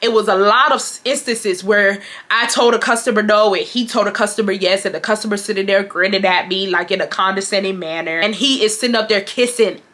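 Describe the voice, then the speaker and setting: A woman's voice: medium pitch, fairly quick, hardly any pauses, a bit bright. A young woman from Houston, telling a story to her viewers in blunt, casual chat. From Houston, Texas. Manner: chatty, blunt, addresses viewers as y'all. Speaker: beauty vlogger telling a work story.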